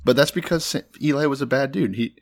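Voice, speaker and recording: A man's voice: medium pitch, quick pace. A man co-hosting a podcast, retelling a Bible story in an irreverent, profane, joking way and often breaking into laughter.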